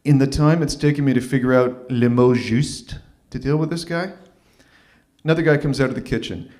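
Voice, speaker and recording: Male open mic storyteller, wry self-deprecating delivery, halting restarts, stage mic. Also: mid-range voice, darkish tone. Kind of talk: live storytelling set. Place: small arts venue stage.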